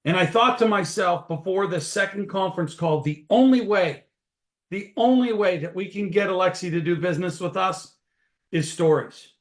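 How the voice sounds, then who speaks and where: Folksy, upbeat man with a fairly high voice, webinar storyteller in an echoey room. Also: moderate pace. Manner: energetic, folksy, animated storyteller. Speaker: network marketing distributor leading a webinar.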